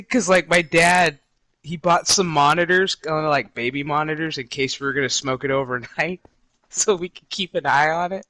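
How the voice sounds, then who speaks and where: A man's voice: sits high, moderate pace, rough recording. A man co-hosting a gaming podcast in casual chat, telling stories with lots of swearing and quoting people in other voices. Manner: animated storyteller, swears freely, acts out quotes.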